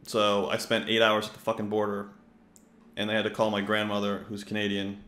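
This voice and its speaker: A man's voice: fairly low pitch, monotone, a little fast, a bit bright, roomy sound. A young man giving loose, chatty commentary as he plays poker on a live stream, rambling and swearing freely. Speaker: poker player and coach. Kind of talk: casual live-stream commentary while playing.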